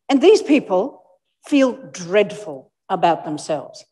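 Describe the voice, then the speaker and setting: An Australian woman giving a lively motivational talk to a live audience, playfully acting out people's inner voices. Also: a little high, moderate pace. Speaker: motivational speaker. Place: large hall with live audience. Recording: echoey hall with long reverb.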